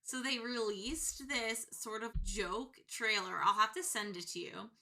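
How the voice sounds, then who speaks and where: A woman co-hosting a podcast, chatting casually and telling stories in an animated way with frequent laughs. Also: a little high, a little slow. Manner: animated storyteller, laughs often. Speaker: podcast co-host. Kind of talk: casual chat.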